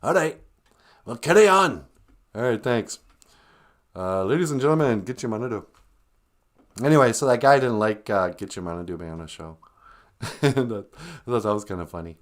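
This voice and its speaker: A man with a lowish voice hosts a casual livestream, speaking at normal speed and pausing often. He tells jokey stories and acts out quotes in different voices.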